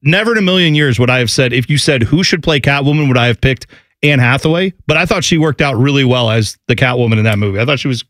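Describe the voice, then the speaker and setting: A middle-aged man co-hosting a casual chat, rambling and animated as he tells stories. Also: medium pitch, fast, dry recording, clean studio sound. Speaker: podcast co-host.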